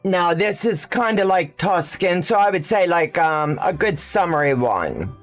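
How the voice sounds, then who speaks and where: A woman's voice: fairly low pitch, expressive, unhurried, faint music behind. A woman hosting a quilting livestream, thinking aloud in a chatty way and answering viewer questions as she sews. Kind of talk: casual live sewing demonstration.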